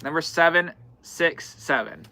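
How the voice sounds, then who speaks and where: Bright-voiced man hosting a live sale. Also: a little high, unhurried. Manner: chatty, repeats item numbers as he goes. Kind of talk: live-stream sales chat. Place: indoor fabric shop in the far north.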